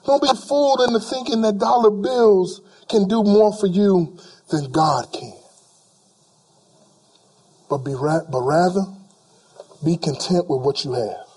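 High-voiced emphatic male preacher. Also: unhurried, pauses often, dark tone, breathy edge. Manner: emphatic, repeats phrases for emphasis, voices imagined people. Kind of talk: sermon.

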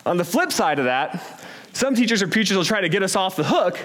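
A man's voice: sits high, fairly bright tone. A man preaching a sermon as pastor, earnest and emphatic, with rhetorical questions.

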